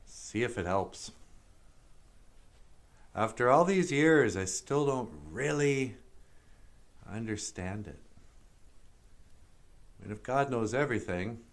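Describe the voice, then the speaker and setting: A man's voice: medium pitch, expressive, takes it slowly, pauses often. A man hosting a puppet show, musing wryly in a drawling, self-mocking way. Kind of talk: casual musing monologue.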